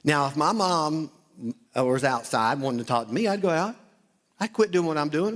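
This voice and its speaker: A male pastor preaching a sermon, telling the story with lively asides and acting out the townspeople's voices. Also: on the high side, moderate pace. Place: church auditorium.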